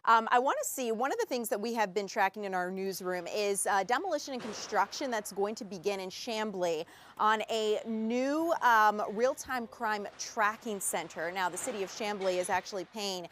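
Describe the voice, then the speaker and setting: A woman anchoring a live news show, bantering warmly with a field reporter before moving to the next story. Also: medium pitch, normal speed, slight background noise.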